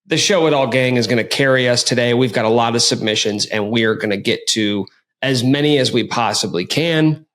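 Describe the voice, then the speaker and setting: A man hosting a casual sports podcast, talking in an energetic, joking way. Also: medium pitch, fairly quick. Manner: energetic, hyped, jokey. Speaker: podcast host.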